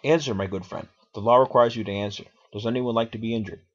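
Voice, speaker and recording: A man's voice: mid-range voice, fast talker, a little hiss or hum, lightly acted. A man reading as a defiant old philosopher on trial. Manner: argumentative, questioning. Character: aged male philosopher defending himself in court. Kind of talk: dramatic reading. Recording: dull lo-fi recording.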